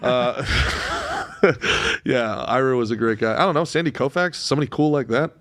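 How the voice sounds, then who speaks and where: A man's voice: mid-range voice, normal speed, fairly bright tone, no echo. Joking man co-hosting a podcast. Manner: joking, rambling banter with sound-effect noises. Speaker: podcast co-host. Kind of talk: casual podcast chat. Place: podcast studio.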